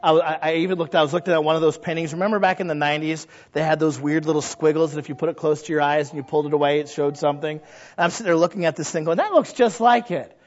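A fairly high-voiced male pastor preaching in an emphatic, conversational way, asking his listeners questions and swinging from low asides into loud outbursts. The recording sounds muffled and lo-fi. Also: level tone, racing. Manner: conversational, asks the congregation questions. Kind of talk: sermon.

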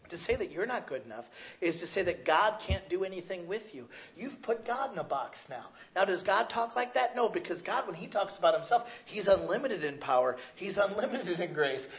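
A man preaching a sermon as pastor, loud and conversational, often checking in with the congregation. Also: high-pitched, lively intonation, moderate pace, lo-fi sound. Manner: loud, conversational preaching with frequent "right?" asides.

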